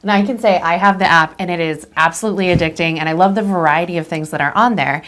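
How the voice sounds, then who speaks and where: A woman hosting a local TV interview who asks friendly, lively questions. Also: fairly low pitch, quick pace. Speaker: host.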